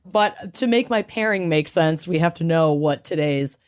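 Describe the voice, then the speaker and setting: A woman's voice: low-pitched, expressive, normal speed, darkish tone, clear, resonant tone. A woman co-hosting a casual podcast, joking and teasing her friend. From Minnesota. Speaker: podcast co-host. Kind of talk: casual chat.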